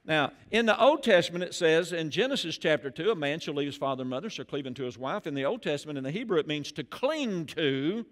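A man preaching a sermon as pastor in a church, animated and rising loud on key phrases. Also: a little high, fast, few pauses. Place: church sanctuary.

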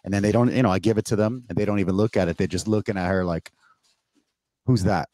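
A man from Canada tells stories over a remote call in a very deep voice, close and dry with no room sound. He talks casually and lets his voice jump up when he acts out what people said to him, swearing along the way. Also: fast talker, no room sound. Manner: animated, swears, acts out quoted exchanges with rising pitch. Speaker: podcast guest. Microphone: remote call mic.

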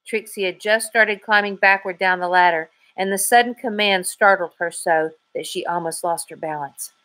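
A woman reading a children's mystery novel aloud in an even, measured way. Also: mid-range voice, rough recording. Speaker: audiobook reader. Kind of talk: storybook narration.

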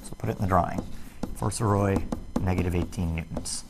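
A man's voice: deep voice, fairly even intonation, brisk, gravelly, over loud music. A man teaching a physics lesson on net force, explaining worked problems step by step with jokey, self-deprecating asides. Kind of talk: recorded classroom lesson video.

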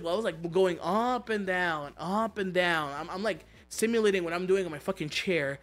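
A man streaming a game, chatting casually and telling stories, excitable and swearing a lot with frequent laughter. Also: high voice, normal speed, hardly any pauses. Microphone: streaming mic.

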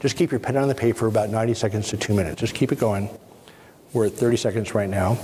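A middle-aged man speaking to a workshop audience, guiding them through an exercise and explaining with calm, step-by-step instruction. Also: on the low side, quick pace, slight background noise. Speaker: spine surgeon giving a workshop. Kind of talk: guided exercise and lecture to an audience. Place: conference hall. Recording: husky voice in a reverberant hall.

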